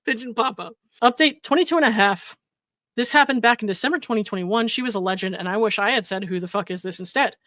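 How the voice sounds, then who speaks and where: A commentary host with a fairly high, bright voice talks fast, reading messages aloud and mocking them with sarcasm, swearing and laughing often. The recording has no echo.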